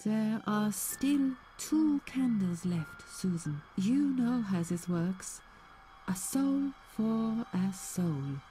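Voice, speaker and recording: An actress voicing a sinister, mocking old woman in a video game, speaking in a slow, measured, menacing way. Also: mid-range voice, animated. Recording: game audio under loud music.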